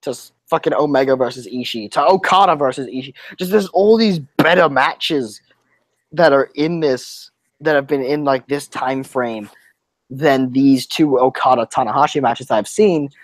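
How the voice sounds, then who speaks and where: A man's voice: mid-range voice, normal speed, no echo. A young man co-hosting a casual podcast, laughing often and swearing freely as he reviews wrestling matches. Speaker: podcast co-host. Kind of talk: casual chat.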